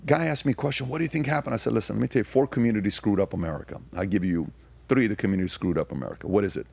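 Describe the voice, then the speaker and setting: A man talking as a podcast guest, telling personal stories and then arguing his point emphatically with rapid rhetorical questions. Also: on the low side, gravelly, darkish tone, breathy edge, no room sound. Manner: frequent fillers and restarts. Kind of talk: casual conversation, storytelling.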